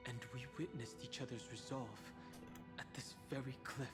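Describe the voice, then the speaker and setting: A man's voice: medium pitch, steady tone, moderate pace, over loud music, close to an everyday voice. A man voicing an earnest young male companion who pleads with an old friend in a game. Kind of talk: game voice acting.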